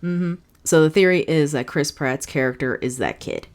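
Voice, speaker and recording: A woman's voice: low-pitched, animated, normal speed, darkish tone. A woman co-hosting a podcast in casual chat, joking and laughing often. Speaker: podcast co-host.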